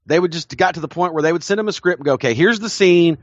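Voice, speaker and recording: A man's voice: a little high, rapid-fire, dry recording. This is a man with a Southern American accent co-hosting a casual podcast. He tells stories with gusto and laughs easily. His voice is dry and slightly muffled, as if on a modest home mic. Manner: enthusiastic storyteller, laughs often. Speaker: podcast co-host. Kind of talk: casual chat.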